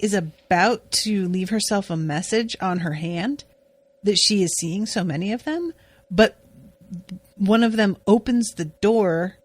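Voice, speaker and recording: Woman podcast co-host, unhurried casual recap, chatty with lots of fillers, close dry mic. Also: mid-range voice, no echo. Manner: chatty, swears, many "like" fillers. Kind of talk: casual episode recap chat.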